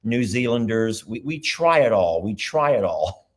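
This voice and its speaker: A man hosting a casual livestream from his computer, chatting loosely and thinking out loud as he goes. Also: lowish voice, animated, measured pace. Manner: rambling, chatty, thinks aloud. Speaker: livestream host. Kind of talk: casual live chat.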